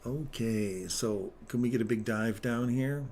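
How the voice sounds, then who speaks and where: A man's voice: mid-range voice, measured pace, darkish tone, slight background noise. A man hosting a live trading stream, chatting casually and telling rambling stories with frequent chuckles, then thinking aloud through chart analysis.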